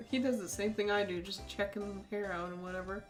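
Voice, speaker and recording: A woman's voice: mid-range voice, fairly even intonation, moderate pace, faint music behind. A young woman casually commenting while she plays a story game, giggling often and gushing over the characters. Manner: giggly, playful, gushing asides. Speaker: let's-play streamer. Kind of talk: casual game commentary, reading dialogue aloud.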